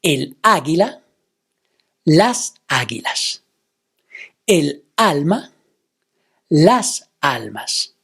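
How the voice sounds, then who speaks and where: Husky-voiced woman teaching a language lesson. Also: sits low, very animated. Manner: patient, slows down to model example words. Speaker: Spanish teacher.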